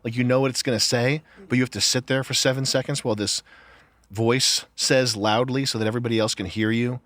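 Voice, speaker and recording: A man with a medium-pitched, steady, slightly bright voice talks at a quick pace. He's co-hosting a casual podcast chat, being sarcastic and stacking up long, incredulous rhetorical questions.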